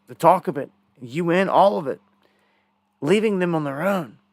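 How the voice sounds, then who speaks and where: Male live-stream news host, rambling and indignant, slightly high voice, dry close sound. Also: a bit bright, dry recording.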